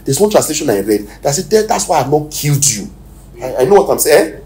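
Emphatic Nigerian pastor in an echoey hall. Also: male voice, a little high, sing-song, quick pace. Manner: emphatic preaching, swinging from shouts to near-whispers. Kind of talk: sermon. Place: church hall. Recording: echoey hall, distant mic, faint noise.

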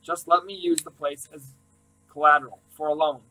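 A pushy middle-aged uncle begs and insists, wheedling in a slightly high voice, as a man reads him in an audiobook. He talks down to his brother as if to a small child. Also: level tone, normal speed, bright, forceful tone, rough recording. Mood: pleading.

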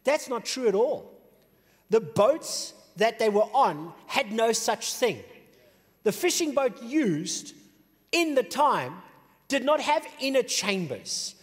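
High-voiced animated male preacher. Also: takes it slowly, husky, big-room sound. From South Africa. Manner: animated, shouting peaks and hushed drops. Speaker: pastor. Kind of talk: sermon. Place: church auditorium.

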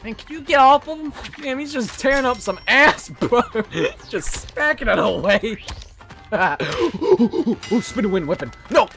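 A game streamer giving profane live commentary, shouting and laughing at the game. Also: medium pitch, lively intonation, normal speed, soft background music.

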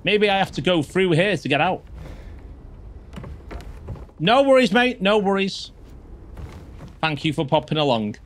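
Streaming his gameplay live, a man talks to his audience at a moderate pace in a voice that's a little high. When something jumps out, he swears and yelps. A faint hiss or hum runs under the recording.

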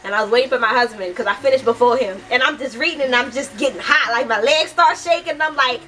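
A woman's voice: a little high, fast talker, sharp tone, distant mic, low-quality recording. A young woman from the United States giving a heated, casual book review, swearing often and talking animatedly.

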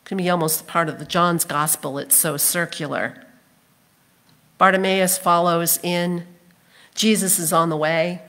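A woman pastor preaching a sermon in a church, speaking slowly and deliberately. Her voice sits on the low side for a woman. She tells the story with expression and briefly acts out the voices in it. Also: fairly even intonation, fairly bright tone. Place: church sanctuary.

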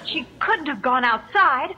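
A woman's voice: sits high, lively intonation, measured pace, pushed and bright, muffled recording, some chatter behind, full character voice. An actress playing a frightened young mother, anxious and pleading, on an old film soundtrack heard in a live theater. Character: frightened young mother searching for her child.

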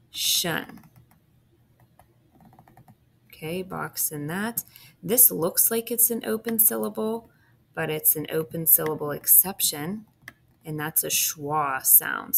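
Slow, gravelly-voiced woman teaching phonics. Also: low voice, fairly bright tone, slight background noise. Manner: patient, step-by-step, sounds out syllables. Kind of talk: phonics lesson walkthrough.

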